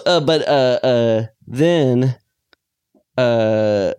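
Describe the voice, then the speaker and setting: A man co-hosting a podcast, chatting casually about a horror film in an excitable, rambling way with sudden jumps in pitch. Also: slow pace, smooth, no echo, clean studio sound. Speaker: podcast co-host. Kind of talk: casual film review chat.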